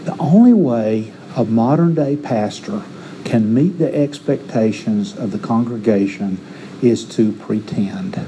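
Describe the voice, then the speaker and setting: A middle-aged man preaches in a very dark, mellow voice. He speaks earnestly, often repeating a word as he restarts a thought. A faint hiss of air conditioning sits behind him. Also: mid-range voice, lively intonation, unhurried, poor audio. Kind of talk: sermon with personal stories.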